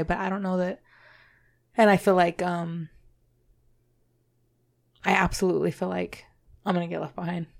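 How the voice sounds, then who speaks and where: A woman co-hosting a podcast, talking in a halting, self-doubting way and swearing casually. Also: fairly low pitch, creaky. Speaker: podcast co-host. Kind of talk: candid conversational podcast talk.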